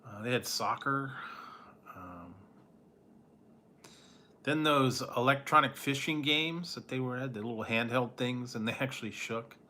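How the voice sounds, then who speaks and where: Food reviewer, male, loose rambling chat with frequent chuckles; bright, forward tone. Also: mid-range voice, unhurried, long pauses, slight background noise. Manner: rambling, chuckles often between remarks; nostalgic, trails off and restarts. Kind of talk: casual chat.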